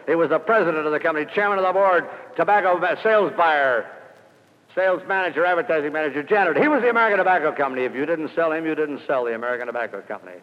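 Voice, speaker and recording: An older man giving a motivational speech to salespeople, telling an anecdote and building to loud emphatic peaks before dropping quiet again. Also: a little high, very fast. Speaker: sales speaker. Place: lecture hall. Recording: old lo-fi recording in a large hall.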